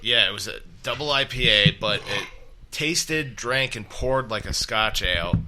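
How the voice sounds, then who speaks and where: Low-voiced rambling joker co-host. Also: male voice, expressive, a little slow, pushed and bright, slight background noise. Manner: joking, rambling, swears. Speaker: podcast co-host. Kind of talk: casual beer review chat.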